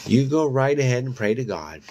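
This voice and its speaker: A man's voice: mid-range voice, lively intonation, brisk, darkish tone, pitched above the performer's own voice, natural voice. A man reading the lines of a wicked, centuries-old female vampire who taunts her victim in a sweet, mocking, menacing way. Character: wicked playful female vampire, ancient and cruel.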